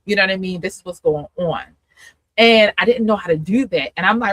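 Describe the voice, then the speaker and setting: Bright-voiced woman sharing an emotional testimony. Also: mid-range voice, brisk, dry recording, low-quality recording. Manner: emotional, laughing often, acting out her own past voice. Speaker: host and coach. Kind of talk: candid testimony in a live conversation.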